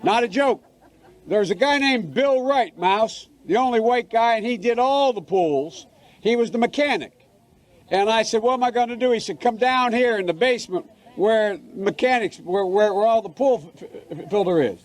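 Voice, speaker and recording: A man's voice: high voice, lively intonation, normal speed. An older male politician telling a meandering anecdote, correcting himself and trailing off mid-phrase. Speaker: politician speaking to a crowd. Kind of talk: rambling anecdote.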